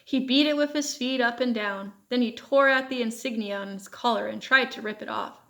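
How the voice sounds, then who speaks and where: A woman reading a children's novel aloud as audiobook narration, steady and measured. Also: on the high side. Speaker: audiobook reader.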